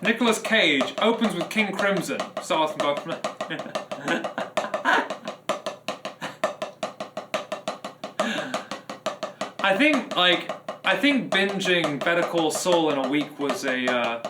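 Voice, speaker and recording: A man's voice: high-pitched, lively intonation, moderate pace, background noise. A man streaming live as a drummer, chatting casually to his audience in a rambling way with frequent restarts. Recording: echoey room with loud drumming behind.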